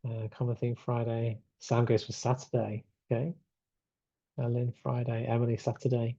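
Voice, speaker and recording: A man hosting a webinar over a video call chats easily and reads replies from the chat with plenty of ums. His voice is mellow and dark, heard dry and close. The audio has a slightly dull, muted edge. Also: medium pitch, monotone, normal speed, creaky, no room sound. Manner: chatty, reads out chat replies, many fillers. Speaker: webinar host.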